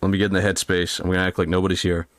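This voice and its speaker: Giggly, nervous young-sounding man, lowish voice. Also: flat delivery, racing, a bit bright, no echo. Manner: nervous, giggly, self-deprecating. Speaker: podcast host. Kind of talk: casual chat.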